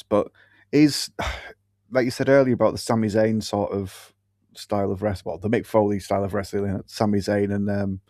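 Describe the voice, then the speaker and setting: A man's voice: lowish voice, a little mellow, no room sound. A man co-hosting a casual podcast chat, laid-back and dry, swearing casually. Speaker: podcast co-host.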